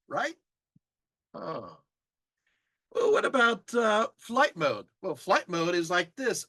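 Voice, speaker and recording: Animated high-voiced male lecturer. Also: unhurried, dry recording. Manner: animated, acts out audience reactions with laughs. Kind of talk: live lecture to an audience.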